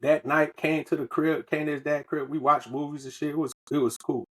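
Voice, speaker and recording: A man's voice: fairly high pitch, flat delivery, a little fast, breathy edge. A man from the US, telling a loose, profane story on a podcast in casual slang. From Southern United States. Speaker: podcast co-host.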